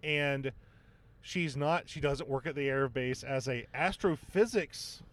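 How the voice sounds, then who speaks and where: A man co-hosting a casual movie review podcast, animated and jokey, with sarcastic asides. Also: medium pitch, takes it slowly. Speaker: podcast co-host.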